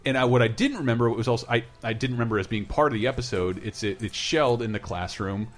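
A man co-hosting a podcast, chatting casually in a rambling, animated way and swearing now and then. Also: mid-range voice, fast. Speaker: podcast co-host.

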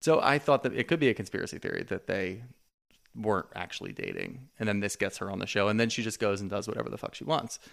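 A man's voice: fairly low pitch, sing-song, fast talker, vocal fry, a bit bright. A man co-hosting a podcast, rambling through a reality show recap with lots of "like" and casual swearing. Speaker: podcast co-host.

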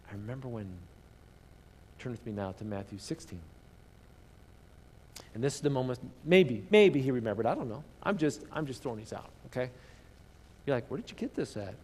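A man preaching a sermon as pastor, telling the story with animated emphasis, dropping to hushed asides and asking the congregation rhetorical questions. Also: mid-range voice, long reverb tail, slight background noise.

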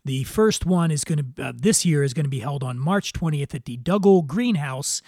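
Gravelly, wry male podcast host. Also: fairly high pitch, animated, moderate pace, a little mellow, no echo, clean studio sound. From Philadelphia. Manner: wry, joking asides with filler words. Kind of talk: podcast monologue with housekeeping and scripted narration.

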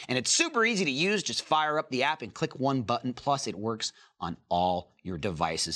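A man's voice: a little high, bright, forceful tone. A man reading a podcast sponsor spot in a jokey, offhand way. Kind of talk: casual ad read.

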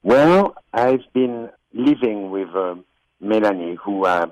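A man with a French accent calling into a radio show, speaking hesitantly with halting pauses. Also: fairly low pitch, animated, darkish tone, no room sound. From France. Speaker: radio caller. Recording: muffled phone line.

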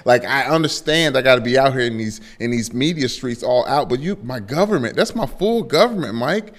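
A young man co-hosts a casual sports podcast, spinning playful, animated stories. His voice sits low-middle for a man, with nothing unusual in its tone. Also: a little fast. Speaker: podcast co-host.

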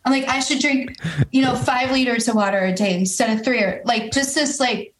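A woman's voice: a little high, fairly even intonation, a little fast, noisy background. A woman in a podcast interview, talking candidly and casually with many fillers. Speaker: podcast guest, climber. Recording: roomy-sounding recording.

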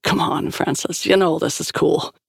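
A woman's voice: deep voice, steady tone, a little slow, gravelly, husky, dry recording, clean studio sound, full character voice. A woman voicing an eager, boyish young man who gets flustered easily.

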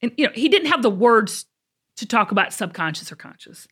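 Lively middle-aged woman telling a story. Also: a little high, brisk, breathy edge. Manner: animated, dramatic storyteller. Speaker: podcast co-host. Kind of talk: casual podcast storytelling.

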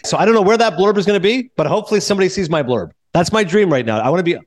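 Animated fast-talking man critic. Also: sits high. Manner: animated, quick, acts out dialogue. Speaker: film critic and podcast host. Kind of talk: casual storytelling monologue and interview.

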